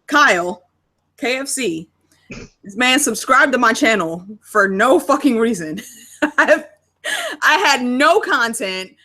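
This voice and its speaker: A woman's voice: on the high side, lively intonation, takes it slowly, pauses often, pushed and bright. A woman YouTuber chatting casually on a livestream and swearing now and then. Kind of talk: casual chat.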